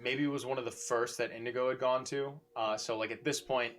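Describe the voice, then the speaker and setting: A man's voice: mid-range voice, steady tone, fairly quick, a bit bright. A man narrating as game master of a live tabletop game, rambling with lots of fillers. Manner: rambling, filler-heavy, amused.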